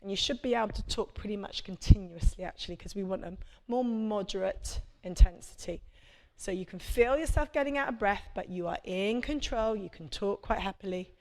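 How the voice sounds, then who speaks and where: A woman's voice: mid-range voice, brisk, hardly any pauses, darkish tone. A woman, a prenatal fitness instructor, coaching a live workout class with chatty, encouraging cues and check-ins.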